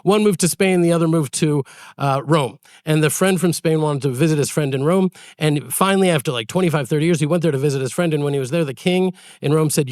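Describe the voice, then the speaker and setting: Earnest podcast guy, kinda high voice, dry close sound. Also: quick pace, no room sound. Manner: earnest, animated storyteller. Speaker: podcast co-host. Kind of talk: casual chat with storytelling.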